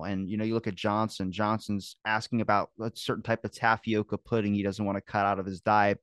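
A man hosting a podcast interview, who talks in a rambling, animated way and restarts his sentences a lot. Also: lowish voice, dry recording, clean studio sound. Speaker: podcast host. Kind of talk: casual interview chat.

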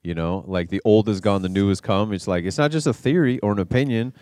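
A man with a very low voice hosts a church conversation. He talks in a reflective, rambling manner and reads scripture aloud. His voice sounds close and dry. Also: quick pace, darkish tone, dry recording. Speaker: church host interviewing a guest. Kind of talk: conversational interview with scripture reading.

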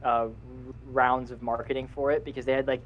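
A man's voice: mid-range voice, little pitch movement, brisk, dull audio, slight background noise. A young man co-hosting a casual podcast, rambling and cutting himself off, laughing often. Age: young adult. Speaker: podcast co-host. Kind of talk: casual chat.

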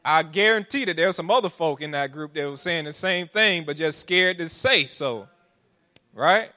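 With an animated, bright and forceful voice pitched a little high, a man preaches as pastor at a moderate pace. He engages listeners with questions and mounts to pleading emphasis, punctuated by call-and-response asides.

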